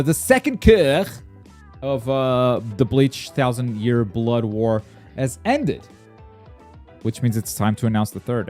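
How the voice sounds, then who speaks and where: A man hosting a gaming and anime news stream in casual chat. He rambles excitably, with plenty of filler words and blunt swearing. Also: medium pitch.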